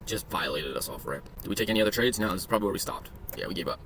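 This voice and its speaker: Fast-talking profane man reviewing trades. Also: low-pitched, animated, fairly bright tone, slight background noise. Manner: crude joking, profane, rambling asides. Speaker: day trading vlogger. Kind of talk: casual screen-share commentary.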